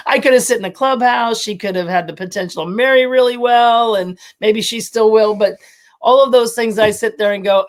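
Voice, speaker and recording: A woman in her fifties, a former college softball coach, telling stories with animation and frequent laughter as a podcast guest. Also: medium pitch, normal speed. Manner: animated storytelling, laughs often. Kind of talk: casual podcast interview.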